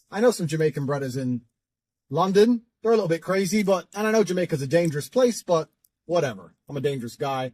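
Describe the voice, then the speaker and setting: A man's voice: fairly high pitch, animated, quick pace, darkish tone, no echo. A man telling a story in a casual, profane and boastful way.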